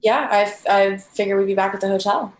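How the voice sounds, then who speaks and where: A woman playing in a tabletop game, speaking in a hesitant, low-key way. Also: steady tone, brisk. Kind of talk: casual game play. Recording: echoey room.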